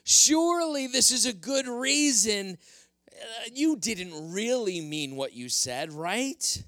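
A man's voice: high-pitched, expressive, slow, bright, forceful tone, no echo, studio quality, voice pushed up, heavily acted. A man voicing a whiny, self-justifying king in a sermon retelling, pleading and defensive. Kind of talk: sermon storytelling.

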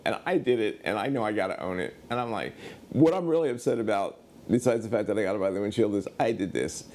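A middle-aged man from the United States telling a personal story in a sermon, animated, acting out the other people in it. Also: on the low side, fairly quick. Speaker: preacher.

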